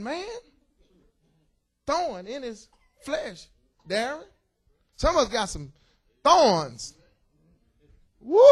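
A man preaching a sermon as pastor, joking and calling out to his congregation. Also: very high-pitched. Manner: lively, joking preaching with call-outs to the congregation. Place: church.

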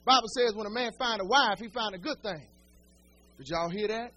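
A man's voice: sits high, brisk, sharp tone, highs cut off. A male pastor preaching a sermon, speaking right to his congregation with folksy humor and repeated, building phrases.

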